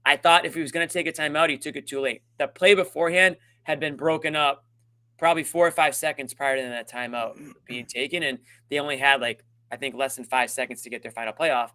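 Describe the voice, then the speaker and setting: A man's voice: fairly high pitch, fairly even intonation, fairly quick, bright, forceful tone. A man co-hosting a postgame sports show, talking emphatically and venting his frustration about the game. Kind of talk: sports postgame analysis chat.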